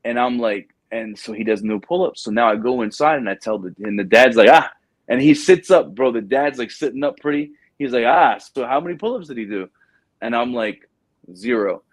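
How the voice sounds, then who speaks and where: A man hosting a podcast, telling a story in a casual, lively way and acting out the people in it. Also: mid-range voice, a little fast, no echo. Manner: animated storyteller, acts out quoted people. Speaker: podcast host.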